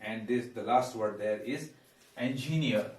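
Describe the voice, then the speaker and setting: A man teaching English pronunciation, pausing on fillers and repeating words slowly. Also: medium pitch, recorded from a distance. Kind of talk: pronunciation lesson. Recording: echoey room, voice away from mic.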